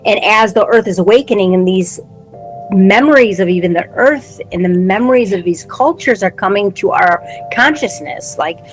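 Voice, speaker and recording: A woman's voice: medium pitch, moderate pace, faint music behind, low-quality recording. A woman co-hosting a podcast, talking through spiritual ideas in a reflective, word-searching way. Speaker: podcast co-host. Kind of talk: casual spiritual conversation.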